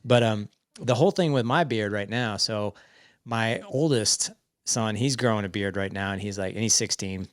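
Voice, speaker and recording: Low-voiced man in his forties, dry sound. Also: moderate pace, no echo. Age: 40s. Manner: animated, quotes family dialogue in stories. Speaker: podcast guest. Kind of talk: casual storytelling chat.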